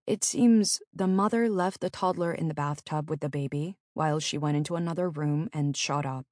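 A middle-aged woman narrating her own memoir in an earnest, measured storytelling manner. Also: deep voice, a little mellow, dry recording, clean studio sound.

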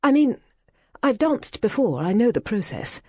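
A woman voicing a clumsy, eager young American woman who gushes breathlessly in a much higher voice. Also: big pitch swings, normal speed, mellow, breathy edge, dry recording, clean studio sound. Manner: breathless, gushing.

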